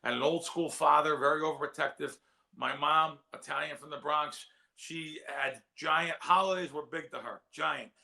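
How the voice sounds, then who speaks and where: A man with a fairly high, gravelly voice talks casually on a sports betting show. He rambles in a heartfelt way and often repeats himself as he goes. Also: pushed and bright. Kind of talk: casual chat.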